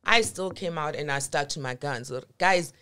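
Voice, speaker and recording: Blunt low-voiced woman. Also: normal speed, bright, forceful tone, clear, resonant tone. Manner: blunt and emphatic, swears freely. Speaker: podcast guest. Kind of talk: candid conversational storytelling.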